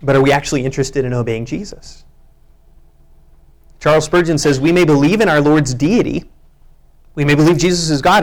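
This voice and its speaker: A man's voice: on the high side, normal speed. A man preaching a sermon, reading scripture aloud with earnest emphasis. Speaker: pastor.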